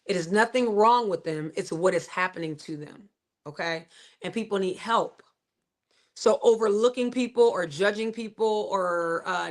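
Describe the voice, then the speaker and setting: A middle-aged woman, hosting a livestream and giving a motivational faith talk with emphatic, repetitive phrasing. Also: on the low side. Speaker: livestream host.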